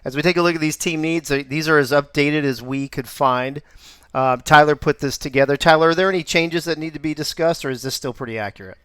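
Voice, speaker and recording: Male host, smooth voice, dry close sound, upbeat and joking. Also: a little high, fast talker, a bit bright, no echo. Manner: upbeat, joking, laughs often. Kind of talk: live show hosting.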